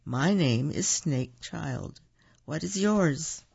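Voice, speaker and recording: A man doing a slow, lazy young snake. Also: a little high, expressive, creaky, a little mellow, breathy edge, dull audio, full character voice. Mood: easygoing. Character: calm, friendly young snake child.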